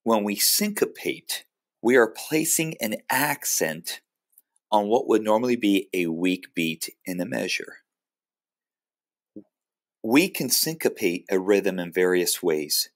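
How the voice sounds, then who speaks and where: A man with a very low, deep voice narrates a music theory lesson. He explains each point in a calm, measured way, like a teacher walking students through the material.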